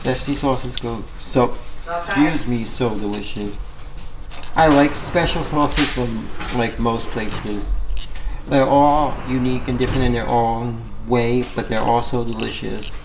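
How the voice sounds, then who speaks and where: A man's voice: mid-range voice, measured pace, background noise. A man talking casually in a home vlog, rambling with lots of "you know" and "like" fillers. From Puerto Rico. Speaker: vlogger. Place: home, kitchen and bedroom.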